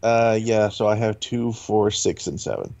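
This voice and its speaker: A man's voice: on the low side, measured pace, warm tone, highs cut off. A man co-hosting a game playthrough, chatting casually and making dry wisecracks. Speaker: let's play co-host. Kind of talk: casual chat during a game.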